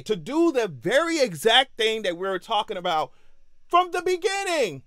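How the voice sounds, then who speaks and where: A sassy, emphatic man with a high voice rants through casual political commentary. He hammers his points by repeating them. The sound is dry and close. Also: sing-song, normal speed, fairly bright tone, no room sound. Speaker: commentary vlogger.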